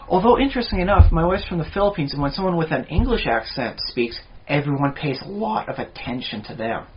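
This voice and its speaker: A man's voice: a little high, expressive, fast talker. A man co-hosting a podcast in casual chat, explaining at length with asides. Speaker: podcast co-host. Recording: dull lo-fi podcast audio, faint hiss.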